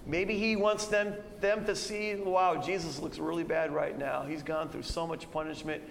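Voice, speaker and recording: A male pastor preaching through scripture, voice swelling loud as he reads the verses and falling low and quiet to reflect. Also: normal speed, hardly any pauses, big-room sound, slight background noise. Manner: animated, rising loud when quoting verses, dropping low to reflect. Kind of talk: expository sermon reading scripture. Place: church sanctuary.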